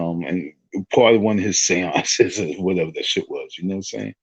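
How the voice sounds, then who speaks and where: A man's voice: fairly low pitch, vocal fry, dry recording, highs cut off. A man telling a rambling story in a casual monologue, often restarting his sentences. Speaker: online talk show host.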